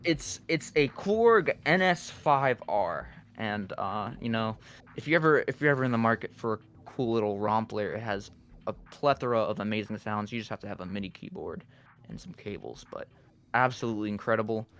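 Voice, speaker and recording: A man's voice: lowish voice, animated, moderate pace, fairly bright tone. A young man, a guest music producer, chatting candidly on a podcast and rambling with lots of fillers. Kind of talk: casual podcast chat.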